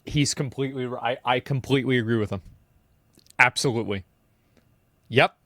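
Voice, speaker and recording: A man's voice: medium pitch, brisk, noisy background. A man streamer reacting to a video with incredulous, laughing comments. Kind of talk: casual live-stream commentary.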